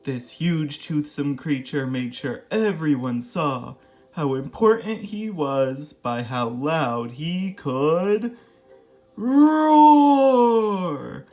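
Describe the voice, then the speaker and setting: A woman reads a children's picture book aloud at a slow, unhurried pace, gentle and expressive as a storytime host. Faint music plays softly behind her. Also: deep voice.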